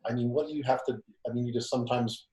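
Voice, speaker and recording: A man's voice: mid-range voice, fairly even intonation, quick pace, warm tone. A man, a photographer guest on a webinar, talking in a chatty, self-deprecating way over a video call. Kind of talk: webinar round-table discussion. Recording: echoey room.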